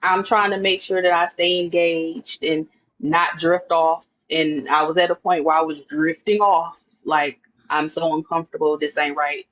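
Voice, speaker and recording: A woman telling a lively personal story in an interview, acting out her own thoughts and the other people's words. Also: low-pitched, normal speed, highs cut off. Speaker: interview guest. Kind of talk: animated storytelling.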